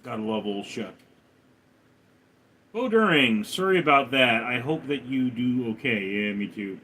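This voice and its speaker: A man's voice: animated, unhurried, bright, forceful tone, a little hiss or hum. Man reading chat aloud on a stream. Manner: reads viewer names and questions aloud, then answers in a low mutter. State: recovering from a hospital stay. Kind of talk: casual live stream chat.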